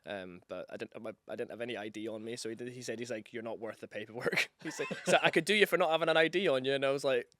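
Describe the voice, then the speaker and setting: A man chatting as a podcast guest, an energetic, rambling storyteller who swears freely and acts out other people's lines. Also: mid-range voice, very fast, hardly any pauses, no echo, clean studio sound. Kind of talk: casual chat.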